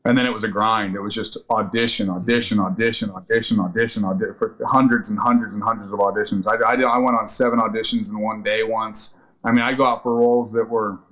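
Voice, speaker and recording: A man, an actor and army veteran, telling a lively story as a podcast guest, casual and profane, with many fillers. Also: fairly low pitch, fast talker, rough recording.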